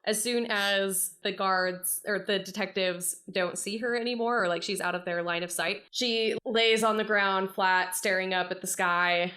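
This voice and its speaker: A woman playing in a tabletop game, describing her character's actions slowly and hesitantly, with fillers. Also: mid-range voice, fairly even intonation, bright, forceful tone. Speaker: player.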